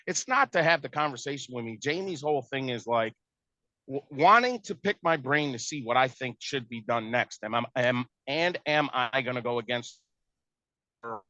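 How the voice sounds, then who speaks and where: An animated man with a medium-pitched, bright, forceful voice retells a family argument from his side as a stepparent, exasperated and acting out the quoted lines. He keeps a moderate pace, and the dull, lo-fi recording is dry with no room sound.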